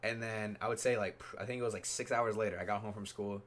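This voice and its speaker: A man's voice: lowish voice, fairly even intonation, quick pace, a bit bright. Laid-back slangy young man host. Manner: laid-back storytelling, slangy, laughs often. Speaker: podcast host. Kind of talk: casual chat.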